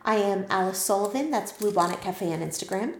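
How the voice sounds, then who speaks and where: A woman's voice: medium pitch, expressive, fairly quick, slight background noise. A woman co-hosting a casual book-discussion podcast who chats upbeat and wraps up the episode. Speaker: podcast co-host. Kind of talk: casual book-club chat. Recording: roomy echo.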